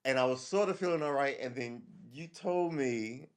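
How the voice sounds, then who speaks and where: A man's voice: medium pitch, normal speed, smooth. A man hosting a live stream, rambling through casual commentary, correcting himself and reading the chat aloud.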